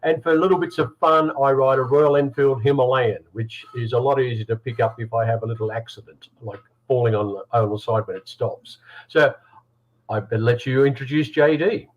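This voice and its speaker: An Australian man chatting on a video call as a guest partner, jokey and quick to laugh. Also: mid-range voice, fairly even intonation, dull audio. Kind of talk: casual video call chat.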